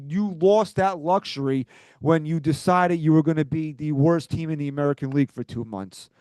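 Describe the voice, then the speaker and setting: Fan-show host, male, higher voice, heated rant, dry and close. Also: darkish tone, clean tone, no echo. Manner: agitated, ranting, swears. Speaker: podcast host. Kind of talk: sports talk podcast.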